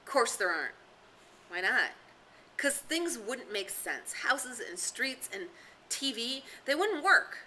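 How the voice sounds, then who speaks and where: Woman doing a nervous, fussy boy in glasses; pleading, frets a lot, bright tone. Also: big pitch swings, slow pace, slight background noise, heavily acted, rough recording. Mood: insistent. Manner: worried, pleading, rising to a squeak. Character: anxious plump schoolboy with glasses, fussy.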